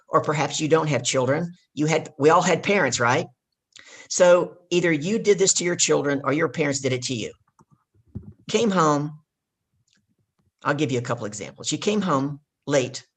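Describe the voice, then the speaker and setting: A woman's voice: low-pitched, animated, normal speed, long pauses, husky. A woman guest and leadership coach in an interview, telling stories with emphatic, teaching delivery. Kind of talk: casual interview talk.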